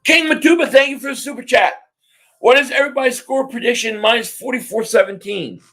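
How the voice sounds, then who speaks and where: A man hosting a live sports reaction stream, ranting excitably and often shouting at the game. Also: very high-pitched, fairly quick. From Philadelphia area.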